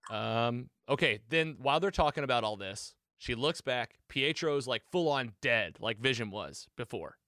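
Bright, dry-voiced excitable man. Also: mid-range voice, moderate pace, few pauses, dry recording. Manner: chatty, excitable, lots of fillers. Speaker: podcast host. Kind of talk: casual recap chat.

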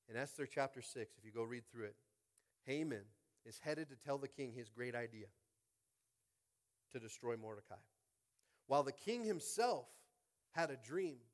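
A male pastor preaching a sermon in a church, talking casually and building to loud, shouted high points. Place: church sanctuary.

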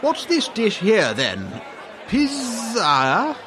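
Man as a fussy snooty diner, pompous, high voice, swooping. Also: wildly swooping pitch, normal speed, fairly bright tone, a faint crowd, slight background noise, exaggerated voice. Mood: sniffy. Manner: pompous, sniffy.

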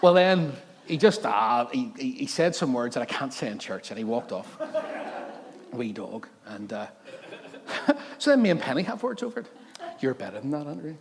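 A man's voice: medium pitch, sing-song, moderate pace. A man preaching a sermon in church, telling stories animatedly and laughing often. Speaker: pastor. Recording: long hall reverb, faint background noise.

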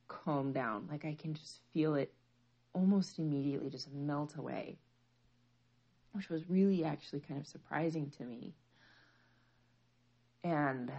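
A woman's voice: low-pitched, muffled recording. A woman in her thirties, a mother, telling a personal family story in a conversational, reflective way with frequent fillers. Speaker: mother of young children.

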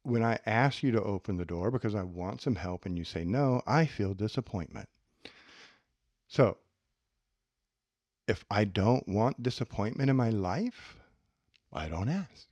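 A man's voice: on the low side, a little slow, pauses often, no echo, highs cut off. A man co-hosting a self-help podcast, teaching and acting out little everyday scenes. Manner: animated, acts out little scenes. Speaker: podcast co-host.

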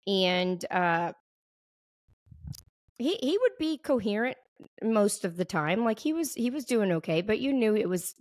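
A woman's voice: lowish voice, dry recording, studio quality. A woman hosting a nurse podcast, chatting casually and animatedly, slipping into voices when retelling a family story.

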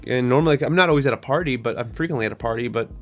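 A man's voice: mid-range voice, rapid-fire, a bit bright, faint music behind. A man in his thirties in a casual chat, rambling with many fillers and self-mocking jokes. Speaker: podcast co-host.

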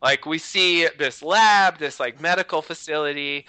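Podcast guy, bright and crisp, dry close mic, rambly with lots of "you know". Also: a little high, normal speed, no room sound, rough recording. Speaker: podcast host. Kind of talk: casual chat.

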